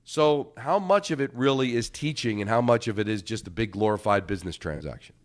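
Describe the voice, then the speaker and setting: A middle-aged man co-hosting a sports talk show, laying out a measured argument with rhetorical questions. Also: medium pitch, expressive. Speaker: sports radio co-host. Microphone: studio microphone.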